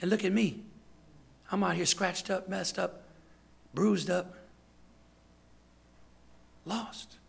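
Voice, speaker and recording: A man's voice: high voice, fairly even intonation, slow, vocal fry, long pauses, breathy edge. A man serving as deacon, preaching a sermon in an emphatic, conversational way, with lots of repetition.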